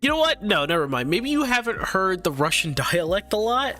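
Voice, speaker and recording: A man's voice: high-pitched, sing-song, normal speed, bright, forceful tone. A man streaming live, chatting casually and animatedly with his viewers, laughing often and tripping over his words.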